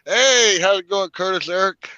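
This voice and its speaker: A man's voice: high voice, moderate pace, sharp tone, no room sound. A man joining a livestream as a guest, jovial and joking. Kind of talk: casual chat. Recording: dull lo-fi stream audio.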